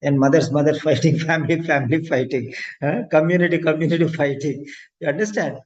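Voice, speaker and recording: A man's voice: on the high side, fairly even intonation, brisk. A male exam coach giving a motivational lecture, preachy and repeating phrases for emphasis. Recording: dull lo-fi lecture audio.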